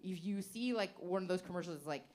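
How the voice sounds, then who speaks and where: A woman's voice: on the low side, fast talker, darkish tone. A young woman performing a stand-up comedy set on a club stage into a handheld mic, rambling with lots of filler words and frequent giggles.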